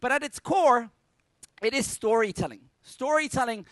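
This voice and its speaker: High, bright-voiced man giving an energetic talk. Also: moderate pace, dry recording. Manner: energetic and joking, punchy asides. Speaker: conference speaker. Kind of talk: lively conference talk. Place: conference stage with a live audience.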